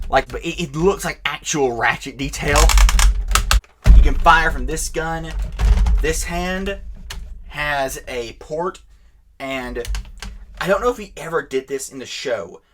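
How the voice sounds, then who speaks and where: A man giving a casual, unscripted toy demonstration, rambling and correcting himself as he goes, clearly enthusiastic. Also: medium pitch, background noise. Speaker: toy reviewer.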